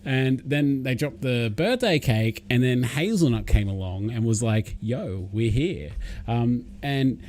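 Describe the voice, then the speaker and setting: A man's voice: mid-range voice, expressive, a little slow, hardly any pauses, darkish tone. A man with an Australian accent, chatting casually and rambling as he hosts a live stream and greets viewers by name.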